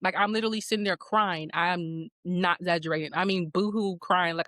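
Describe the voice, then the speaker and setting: A woman's voice: on the low side, brisk, hardly any pauses, no echo. A woman guest on a podcast, telling a story in a casual way and acting out the voices of the people she quotes. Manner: animated, acts out quoted voices.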